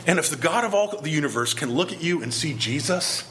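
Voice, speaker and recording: A man's voice: a little high, expressive, fairly quick, fairly bright tone, slight background noise. A male pastor preaching a sermon, earnest and emphatic, pressing his point with repeated rhetorical questions.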